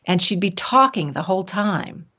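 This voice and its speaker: An older woman, a guest herbalist, chats in a casual interview, telling stories with many restarts. Her voice is on the low side, animated and sharp with a slightly rough edge, at a moderate pace, and the recording sounds dull and lo-fi.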